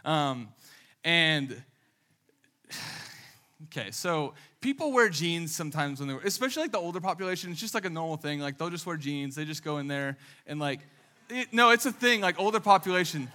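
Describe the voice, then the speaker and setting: A pastor delivers a relaxed, conversational sermon and leans on lively anecdotes packed with casual fillers. He speaks in a somewhat high register with a bright, forward edge. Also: normal speed. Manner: casual, animated storytelling with many fillers.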